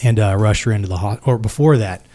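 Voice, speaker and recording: A man's voice: fairly low pitch, quick pace, dark tone. A man in his forties, a military veteran and podcast guest, earnestly retelling a personal story and acting out both sides of each conversation.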